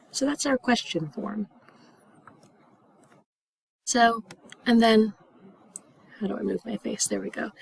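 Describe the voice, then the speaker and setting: A young woman teaching English to adult learners, speaking slowly and clearly and acting out example phrases with gasps and whispers. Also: medium pitch, low-quality recording. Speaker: ESL teacher. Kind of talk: slow, clearly enunciated classroom instruction.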